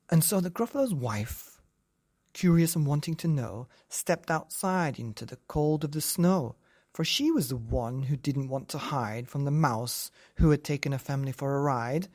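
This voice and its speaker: A man's voice: medium pitch, animated, moderate pace, darkish tone, dry recording, clean studio sound. A man improvising a rhyming bedtime story in a sing-song manner.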